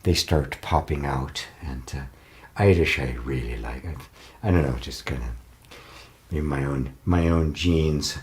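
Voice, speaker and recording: An older American man who is a spiritual teacher speaks in an extremely low, unhurried voice. He chats casually as he reads viewer comments, rambling with fillers and restarts and chuckling often.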